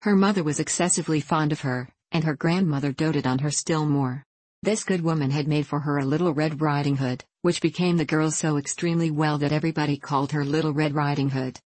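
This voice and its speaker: A narrator reading fairy tales aloud, measured and expressive. The voice sits at a middling pitch. The recording is dry and close, with no room sound. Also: no room sound. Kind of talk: storybook reading.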